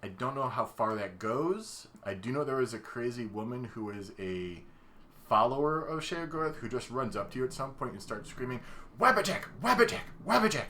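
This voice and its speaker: Brief: male podcast co-host, mid-pitched, relaxed lore explainer who laughs often. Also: moderate pace. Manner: explains at length, laughs easily. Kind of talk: casual podcast chat.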